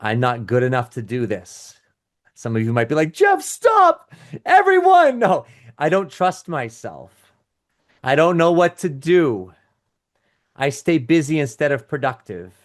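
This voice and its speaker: Teaching a live webinar, a middle-aged business coach talks casually with restarts and asides, reading out comments from the audience chat. His medium-pitched voice is animated and a little slow.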